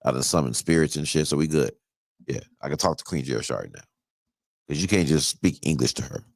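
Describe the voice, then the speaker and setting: A man's voice: extremely low pitch, fairly quick, gravelly, dry recording. A man in his thirties hosting a podcast, telling a loose, profane story in casual chat and laughing often. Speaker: podcast host.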